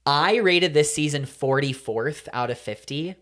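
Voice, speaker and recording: A woman's voice: sits low, a little slow. A woman co-hosting a podcast, chatting casually and telling stories animatedly, with lots of "like" fillers. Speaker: podcast co-host. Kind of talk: casual chat.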